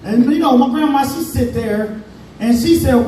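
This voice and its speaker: High-voiced man doing stand-up. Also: normal speed, dark tone, a little hiss or hum. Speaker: stand-up comedian. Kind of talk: stand-up comedy set. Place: comedy club stage. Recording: echoey room from far off, crowd.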